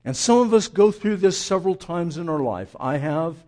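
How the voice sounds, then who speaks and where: Animated high-voiced male pastor preaching. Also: normal speed. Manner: animated, acts out voices of listeners and speaks straight to the congregation. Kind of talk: sermon.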